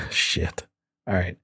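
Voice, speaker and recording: A man narrating as game master of a tabletop role-playing game, relaxed and chuckling as he describes the scene. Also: a little hiss or hum.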